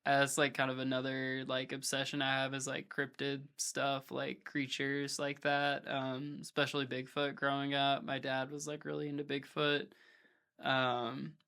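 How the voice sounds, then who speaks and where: A man with a gravelly edge to a bright, forward voice talks in a loose podcast chat. He rambles through his thoughts and drops "like" into nearly every phrase. The tone stays clean and smooth under the rasp. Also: mid-range voice, completely flat delivery, measured pace. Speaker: podcast guest, hardcore vocalist. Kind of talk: casual conversation.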